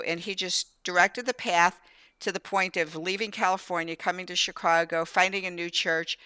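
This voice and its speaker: An older woman hosting an interview show, telling her own story in an animated, candid way. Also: fairly low pitch, normal speed, clear, resonant tone, no room sound. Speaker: show host. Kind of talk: casual interview conversation.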